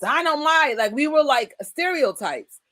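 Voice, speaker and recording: A woman in her forties from the United States hosting a casual chat, emphatic and animated, often breaking into laughter. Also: high-pitched, unhurried, background noise. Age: 40s. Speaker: host.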